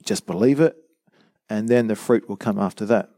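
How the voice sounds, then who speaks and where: A preacher gives an earnest, emphatic teaching sermon, explaining through rhetorical questions and repeated lines and acting out quoted voices. His voice is on the low side and mellow, at a normal speed. The studio-quality recording has no echo.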